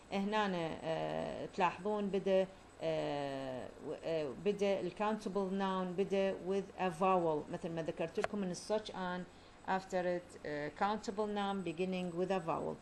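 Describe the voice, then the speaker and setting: Woman, mid-pitched, teaching grammar patiently, slowing down on examples; faint hiss behind. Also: darkish tone. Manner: explanatory, repeats key terms, slows down for English examples. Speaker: English teacher. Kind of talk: grammar lesson mixing Arabic and English.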